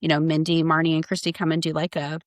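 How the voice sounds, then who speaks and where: A woman in her fifties, a guest coach and author, talking candidly in a casual podcast conversation with blunt, animated asides. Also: deep voice, fast talker, no room sound.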